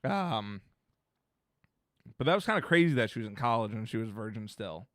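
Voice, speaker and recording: A man's voice: on the low side, very animated, normal speed, a bit bright, no room sound, clean studio sound. A man in his thirties chatting casually on a live stream, rambling and laid-back, often laughing and trailing off into mumbles.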